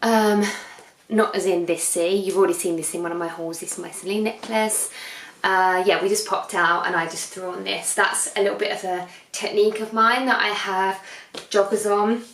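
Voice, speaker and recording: A woman's voice: mid-range voice, fairly even intonation, moderate pace, a bit bright. A young woman in her twenties chatting casually in a beauty vlog, rambling and often drifting off topic as she sits on her sofa at night. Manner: rambling, keeps digressing. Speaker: beauty vlogger. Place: living room, on a sofa, at night under a harsh light. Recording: echoey indoor room.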